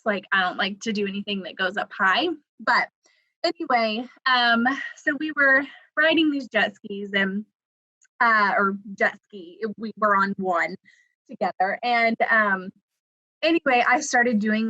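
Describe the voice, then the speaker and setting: A woman's voice: on the high side, sharp tone, dry recording, dull audio. A young woman from the American South, telling a funny personal story in a chatty way, full of "like" and laughing as she goes. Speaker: creative writing coordinator. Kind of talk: casual storytelling.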